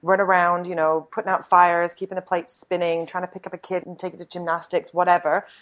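A woman's voice: fairly low pitch, little pitch movement, fairly quick, a bit bright. A British woman who is a guest on a podcast, chatting casually, laughing often and mocking herself. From Britain.

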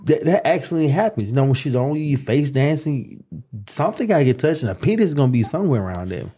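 A man's voice: fairly high pitch, very animated, fast talker, mellow, husky. A man co-hosting a casual talk show, cutting in with blunt jokes. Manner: joking, blunt interjections. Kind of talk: casual chat.

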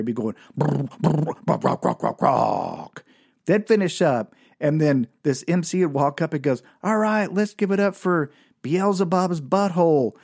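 A man's voice: mid-range voice, darkish tone, dry recording, clean studio sound. Rambling self-mocking male comic storyteller. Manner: rambling, self-deprecating, many fillers. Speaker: comedian and podcast host.

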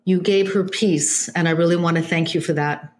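A woman, a psychic medium, telling an anecdote in an interview, lively, with many restarts and self-corrections. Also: lowish voice, moderate pace. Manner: animated storytelling with many restarts.

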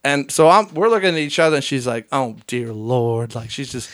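A man in a casual podcast chat, telling a story in an animated way and acting out other people's voices. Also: a little high, fast, dry recording, studio quality. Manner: swears casually, lots of fillers. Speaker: podcast guest.

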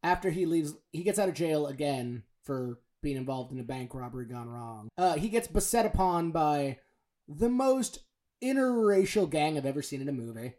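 A podcast co-host retells movie scenes with animated delight. The pitch sits in the middle, and the talk is loose and casual. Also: normal speed. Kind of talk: casual chat.

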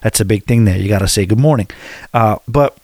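A man's voice: lowish voice, brisk, a little mellow, no echo, clean studio sound. A man from the United States telling a travel story to his viewers in a casual, rambling, candid way.

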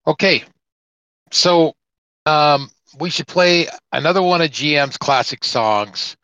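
Bright-voiced podcast co-host, lo-fi. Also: male voice, a little high, animated, clear, resonant tone, no echo. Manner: chatty storyteller, halting restarts. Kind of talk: casual chat. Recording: dull, lo-fi, dry podcast audio.

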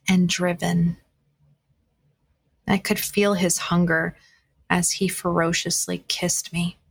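A woman's voice: fairly low pitch, slightly rough. A woman hosting a podcast, candidly telling a personal dating story to listeners, speaking bluntly and swearing freely, with frequent restarts. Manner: frequent restarts and fillers, conversational retelling. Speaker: podcast host.

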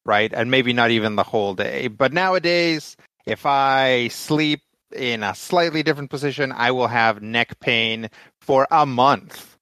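A man's voice: mid-range voice, a little slow, a bit bright, dry recording. A middle-aged man co-hosting a podcast in casual chat, telling things in an easygoing, reflective way. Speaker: podcast co-host.

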